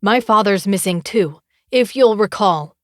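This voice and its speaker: A woman's voice: lowish voice, moderate pace, no echo, studio quality, natural voice. A woman narrator voicing a defensive, hot-tempered young man who answers with sarcasm in an audiobook. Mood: sarcastic.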